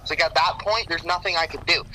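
A man's voice: a little high, steady tone, quick pace, pushed and bright, rough recording. A man telling a story in casual chat, swearing often and acting out what others said to him. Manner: profane, storytelling with quoted exchanges.

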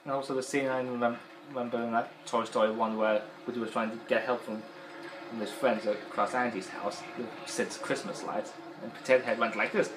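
A man's voice: mid-range voice, steady tone, fairly quick, reverberant, a little hiss or hum, rough recording. A man with a Yorkshire accent giving rambling, casual game commentary as a let's play host. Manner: rambling, chatty, trailing off.

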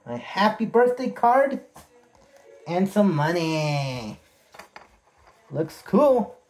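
A man chatting casually to camera while unboxing birthday presents, excitable and folksy, repeating his words. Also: high voice, extremely slow, faint music behind. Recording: echoey room with faint noise.

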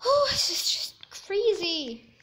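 A woman giving chatty gameplay commentary, squeamish and quick to exclaim in disgust. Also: very high voice, sing-song, pushed and bright. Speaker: gaming video creator.

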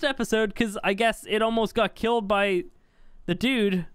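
A man's voice: normal speed, smooth, no room sound. Chatty young man narrating gameplay. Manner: chatty, exasperated at his creature, jumps to high surprised yelps. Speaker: gaming YouTuber. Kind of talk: casual gameplay commentary.

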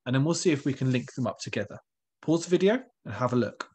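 A man's voice: mid-range voice, expressive, fast talker, darkish tone, husky. A male primary school teacher, giving a recorded online lesson in a patient, encouraging way and asking the pupils questions.

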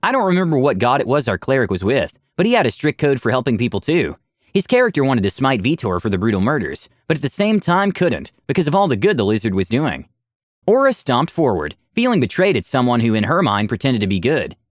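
A man tells a tabletop adventure story in a scripted narration, his pitch rising and falling lively. The recording is dry, with no room sound. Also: brisk, no echo.

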